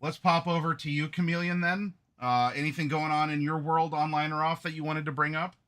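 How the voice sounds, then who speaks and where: A man's voice: on the high side, little pitch movement, a little fast, fairly bright tone, clear, resonant tone. A man hosting as game master, chatting casually with his players, with many fillers and frequent laughs. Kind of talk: casual chat.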